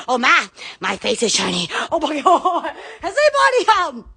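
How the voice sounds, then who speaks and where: A woman's voice: sits high, sing-song, slow, bright, forceful tone. A woman hosting a livestream, giddy and silly, laughing and squealing between exclamations, filmed on a phone. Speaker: livestream host. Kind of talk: goofy livestream chatter. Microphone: phone camera.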